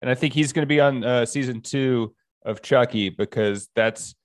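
A man's voice: mid-range voice, moderate pace, no room sound. Joking man co-hosting, dry sound. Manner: joking, teasing, argumentative. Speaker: podcast co-host. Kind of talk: casual sports chat.

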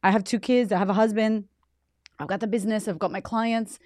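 A woman's voice: a little high, fast, darkish tone, dry recording. A woman hosting her own podcast in a heartfelt, casual monologue. She is emotional and close to tears, and swears freely as she gushes her thanks. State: teary, close to crying. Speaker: podcast host.

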